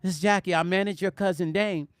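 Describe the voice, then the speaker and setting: A man doing an impression of a soft-spoken man on a phone call, with a light, breathy, gentle delivery. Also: high-pitched, fairly even intonation, fast, dry recording, clean studio sound, close to an everyday voice. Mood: soft, polite. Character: famous older man on a phone call, speaking softly and gently.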